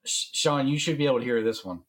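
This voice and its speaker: A man co-hosting a podcast, chatting in a relaxed, agreeable and joking way. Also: medium pitch, fast. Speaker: podcast co-host. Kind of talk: casual chat.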